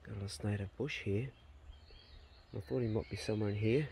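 A man's voice: lowish voice, brisk, gravelly, background noise. A man with a New Zealand accent giving casual, slangy commentary while filming wildlife outdoors on his farm with a handheld camera. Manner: relaxed, laid-back, slangy narrating while filming wildlife. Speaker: farm vlogger. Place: outdoors on a farm by native bush. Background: faint birdsong and outdoor ambience.

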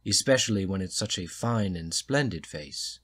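A man voicing a tall, thin, gentle French woman with a French accent who speaks in a flattering way. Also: sits low, normal speed, slightly rough, heavily acted.

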